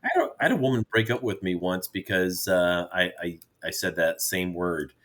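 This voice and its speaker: Jovial middle-aged man, bright voice. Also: low-pitched, expressive, moderate pace. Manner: jovial storyteller, rambling with restarts. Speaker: podcast co-host, father. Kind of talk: casual chat.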